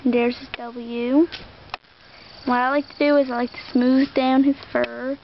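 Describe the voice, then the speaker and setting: A woman's voice: sits high, level tone, a little slow, muffled recording, slight background noise. A young woman chatting casually outdoors, rambling as she shows off a collection. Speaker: vlogger showing a toy collection. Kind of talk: casual show-and-tell.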